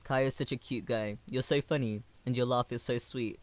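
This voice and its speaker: A livestreamer in his twenties reads chat aloud gently and affectionately, pausing hesitantly. His mid-range voice holds a steady tone.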